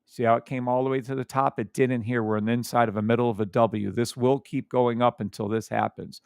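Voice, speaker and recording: A man's voice: mid-range voice, fairly even intonation, a little fast, gravelly, smooth, no echo, studio quality. A man hosting a live trading stream, explaining charts in a hyped, teasing chat with his viewers and humming along.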